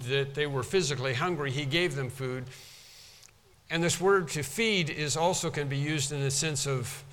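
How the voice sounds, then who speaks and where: A man preaching an expository sermon, earnest and halting, often repeating words for emphasis. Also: on the high side, fairly bright tone, big-room sound.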